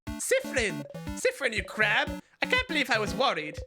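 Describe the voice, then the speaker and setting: A streamer voicing Mirabelle, a kind and worried young woman, reading game dialogue in a high, anxious voice. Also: huge pitch swings, moderate pace. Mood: relieved. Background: game music.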